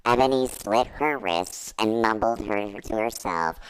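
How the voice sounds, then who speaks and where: A man's voice: fairly low pitch, measured pace, smooth, poor audio. A man giving a comedic dramatic reading, mock-earnest with wry asides. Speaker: guest reader.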